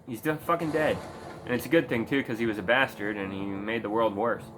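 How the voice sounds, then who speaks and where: A man's voice: medium pitch, brisk, noisy background. A man ranting in a casual commentary video, heated and sarcastic, swearing often. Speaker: video creator.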